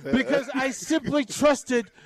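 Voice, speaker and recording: A man on a sports radio show, ranting in an animated, sarcastic, exasperated way with vivid comparisons. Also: extremely high pitch, slow. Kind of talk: fired-up sports talk.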